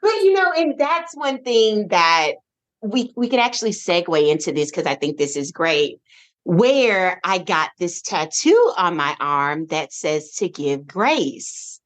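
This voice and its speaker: A woman guest on a podcast, telling her parenting story in an expressive, animated way, with frequent restarts. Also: lowish voice, takes it slowly. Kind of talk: casual conversational interview.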